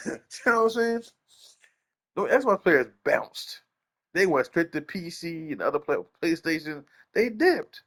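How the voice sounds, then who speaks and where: A young man hosting a gaming channel, ranting in casual slang, repeating himself and jumping up in pitch when incredulous. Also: lively intonation, unhurried, fairly bright tone.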